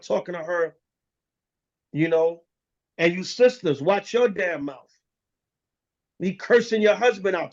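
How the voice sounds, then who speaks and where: A man with a notably high voice delivers a preaching lesson as an elder. He talks bluntly, drops curses and street slang, and the recording sounds dull and muffled. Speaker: elder teaching a congregation.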